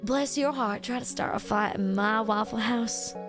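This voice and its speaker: Woman playing a folksy, threatening Southern waitress with a gravelly voice. Music plays behind. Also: a little high, normal speed, natural voice. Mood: sassy. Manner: drawling, threatening yet folksy. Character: sassy Southern Waffle House waitress woman.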